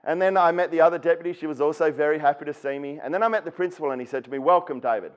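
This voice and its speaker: A man's voice: on the high side, very fast, clean tone, muffled recording. A man with an Australian accent, from Western Australia, giving a personal storytelling talk at an education event. He speaks earnestly and acts out the people he quotes.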